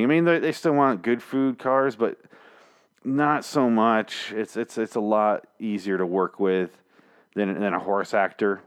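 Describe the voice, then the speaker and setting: In a low, steady, unhurried voice with a clean tone, a man runs his solo podcast from a small studio. He has headphones on at a studio mic and rambles through a casual recap, swearing and cracking jokes.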